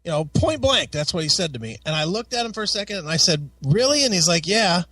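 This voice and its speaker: A man's voice: fairly high pitch, animated, fast, pushed and bright, no echo, far from the mic, faint music behind. A male podcast co-host in casual chat, talking bluntly and swearing heavily.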